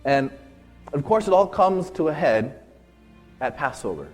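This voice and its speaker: A male preacher tells a story in a casual, chatty sermon. His voice is husky and sits fairly high, and he keeps asking the listeners "right?". Soft music plays faintly behind him. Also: very animated, unhurried.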